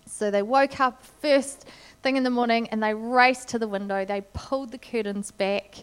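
A woman's voice: medium pitch, smooth. Chatty New woman preaching. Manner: conversational storytelling with light laughs. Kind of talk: sermon.

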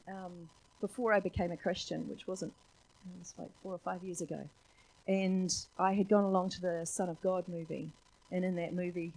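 A New Zealand woman with a husky, lowish voice speaks at church, blending her sermon with personal stories she tells animatedly, laughing often and acting out voices. The recording quality is low.

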